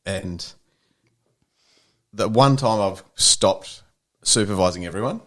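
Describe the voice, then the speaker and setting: Bloke, thirties, podcast co-host, storytelling with a lowish voice. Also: male voice, slow pace. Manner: animated anecdote teller, mate-ish banter. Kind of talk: casual chat, storytelling.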